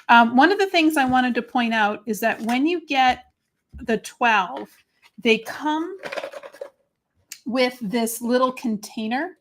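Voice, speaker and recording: A chatty woman with a Boston accent runs a live crafting demo. Her voice sits a little high, and she greets her viewers one by one as she explains her tools. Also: slight background noise. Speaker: crafting live-stream host.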